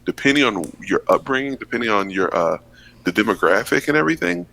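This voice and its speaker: A man hosting a podcast, talking casually and relaxed, with many fillers. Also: on the low side, gravelly, rough recording. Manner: relaxed, filler-heavy, quick backchannels. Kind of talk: casual conversation.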